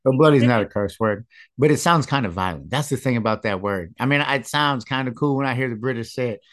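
A man's voice: mid-range voice, fast, fairly bright tone. A man hosting a casual interview, affirming his guest and repeating short phrases. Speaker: podcast host.

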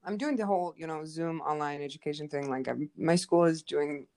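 In a brisk, low-pitched voice, a young Kurdish-heritage woman who paints and teaches art talks casually. She comes across as animated and expressive, with plenty of filler words.

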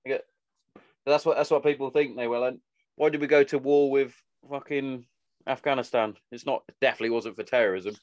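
A man's voice: mid-range voice, fairly quick, no room sound, muffled recording. A man chatting casually, swearing often and acting out the stories he tells. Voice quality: sweary, animated storytelling. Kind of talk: casual chat.

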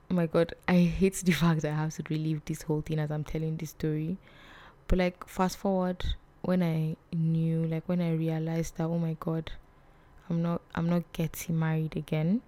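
A young woman, telling a personal story on her vlog in a soft, hesitant way that often drops to a whisper. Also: sits low, little pitch movement, moderate pace. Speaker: vlog host.

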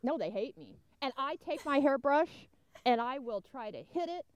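Woman, lively swooping pitch, exasperated storytelling, dry close sound, casual chat. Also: normal speed, no room sound. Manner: animated storytelling, exasperated rants.

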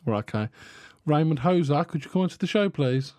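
A man's voice: fairly high pitch, lively intonation, fairly quick, darkish tone, no room sound. A man hosting a casual reptile podcast, jokey and profane, tripping over names as he goes. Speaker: podcast host.

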